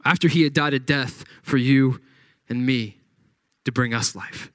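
A man's voice: medium pitch, a little slow, dry recording. A man preaching a sermon, reading scripture aloud and retelling the story with dramatic acted-out quotes. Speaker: pastor.

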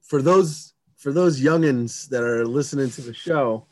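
A man's voice: mid-range voice, a little slow, a little mellow, no room sound. A man co-hosting a podcast, talking in a loose, rambling way and laughing often during a casual chat about a movie. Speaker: podcast co-host.

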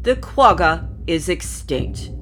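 Mother zebra, gentle and proud, storybook, voiced by a woman. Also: on the low side, expressive, slow, faint music behind.

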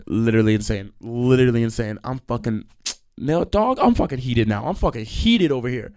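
Animated young man ranting, dry close sound. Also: mid-range voice, a little fast, dry recording. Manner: profane, animated ranting with sudden loud outbursts. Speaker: podcast host. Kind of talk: ranting monologue.

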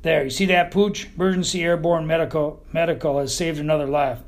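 A man's voice: fairly high pitch, steady tone, brisk, close to an everyday voice. A man doing a pompous old Texan buzzard. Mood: blustering. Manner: bossy, self-important lecturing. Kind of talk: audiobook character voice.

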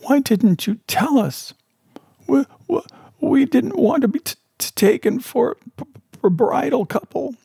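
A man voicing a tearful young woman who sobs out her words in a high, shaky voice. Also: expressive, a little slow, vocal fry, warm tone, breathy edge, no echo, clean studio sound, exaggerated voice. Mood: sobbing.

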